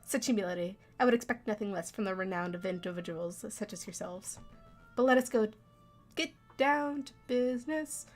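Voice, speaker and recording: A woman's voice: mid-range voice, moderate pace, soft background music, lightly acted. A showy male fox of royal blood, played by a woman, speaking in a grand, formal manner. He comes across as proud and theatrical in this game. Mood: grandiose.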